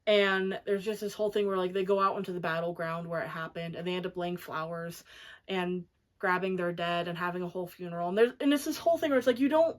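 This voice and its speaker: Woman book reviewer, chatty and eager, easy conversational delivery, lots of fillers. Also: mid-range voice. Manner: chatty and enthusiastic, many "like" fillers. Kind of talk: casual book review chat.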